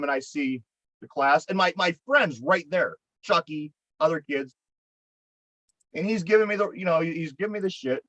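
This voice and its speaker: A man's voice: a little high, a bit bright, dry recording, highs cut off. A man with a Pittsburgh accent, co-hosting a podcast and telling a long story in a rambling, profane way, often repeating his words. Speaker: podcast co-host. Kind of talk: casual storytelling chat.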